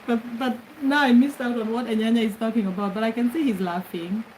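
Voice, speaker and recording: A woman's voice: on the high side, steady tone, brisk, a little mellow, slight background noise, rough recording. A middle-aged woman from Kenya, chatting casually as host of her livestream from her bed and laughing often as she greets commenters. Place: bedroom, lying on her bed.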